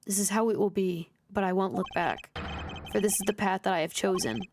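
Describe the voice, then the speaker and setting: A woman's voice: medium pitch, steady tone, brisk, noisy background, close to an everyday voice. Woman reading as a smug older male villain. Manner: condescending, calls his accuser boy. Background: game music.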